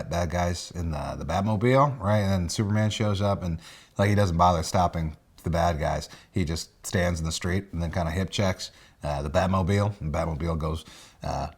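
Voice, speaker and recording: A man's voice: low voice, moderate pace, breathy edge. A young man doing a casual, rambling comedic monologue, full of filler words.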